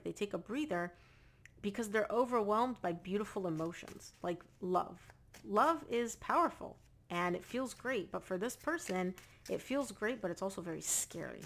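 A woman giving a casual tarot reading to camera, talking straight to the viewer and repeating phrases for emphasis. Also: medium pitch. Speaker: tarot reader.

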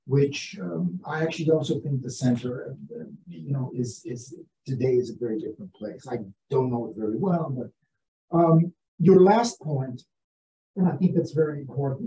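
An older man speaking as an author at an academic seminar, talking in a halting way with many restarts and fillers. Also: a little high, mellow. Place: seminar room. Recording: roomy, distant from the mic.

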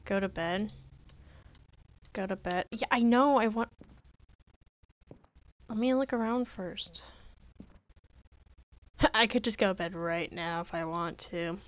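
With highs rolled off, the clip catches a medium-pitched woman speaking slowly with long gaps between thoughts. She's a gaming creator doing relaxed let's-play commentary, chatty and self-directed, throwing in joking pleas.

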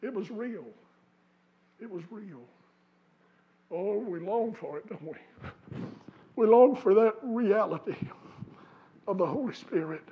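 A man preaching in a church, his voice pitched high and roughened by a gravelly fry. He tells his stories in a folksy way and builds them into fervent peaks. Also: lively intonation, slow pace, pauses often, dull audio. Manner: folksy storytelling, rising to fervent shouts. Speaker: pastor. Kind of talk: sermon. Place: church sanctuary.

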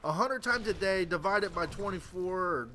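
A man's voice: sits high, normal speed, sharp tone, slight background noise. A tired man doing casual game commentary, rambling crudely and stammering through restarts. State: tired late at night. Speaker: gameplay commentator.

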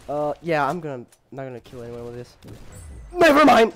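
A young male gamer casually comments on his gameplay, talking fast at a medium pitch. He rambles with lots of fillers and jokes, and sometimes yells when he gets excited.

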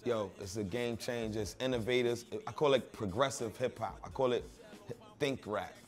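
A man's voice: mid-range voice, normal speed, soft background music. A man being interviewed, telling stories in a blunt, profane, streetwise way. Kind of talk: casual interview talk.

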